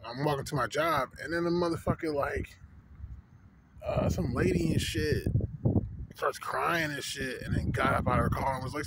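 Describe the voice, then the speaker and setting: Man ranting profanely over loud vehicle noise. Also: mid-range voice, fairly even intonation, fairly quick. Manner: profane, rambling street storytelling, heavy filler words. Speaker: vlogger. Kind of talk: casual rant to camera. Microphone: phone camera.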